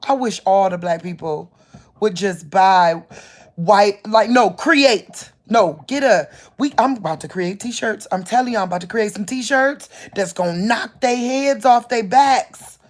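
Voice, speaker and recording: A woman's voice: medium pitch, unhurried. A woman vlogging late at night while lying down, rambling in disbelief and repeating herself as she talks to her viewers on a phone. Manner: rambling, incredulous, repeats herself, restarts often.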